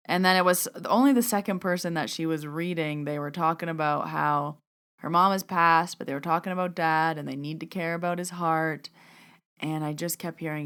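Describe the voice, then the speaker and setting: Female podcast host with a slightly low voice, casual chatty storyteller who leans on "like" a lot. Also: fairly even intonation, a little fast, a bit bright, smooth. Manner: chatty, frequent "like" fillers, acts out her inner thoughts.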